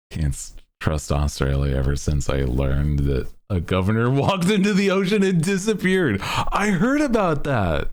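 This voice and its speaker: A man streaming, chatting casually to his chat in a laid-back, rambling way with lots of fillers. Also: medium pitch. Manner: bursts into loud laughter.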